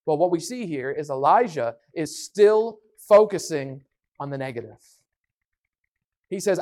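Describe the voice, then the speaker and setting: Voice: medium pitch, lively intonation, measured pace, a little mellow. A preacher giving a sermon with a Bible reading, speaking emphatically and acting out the voices in the quotes.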